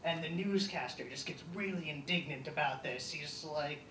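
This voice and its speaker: A young man doing a stand-up comedy set, deadpan and halting with many ums, on a live comedy stage. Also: a little high, a little hiss or hum. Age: young adult. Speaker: student stand-up comic. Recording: echoey hall, distant mic, audience laughter.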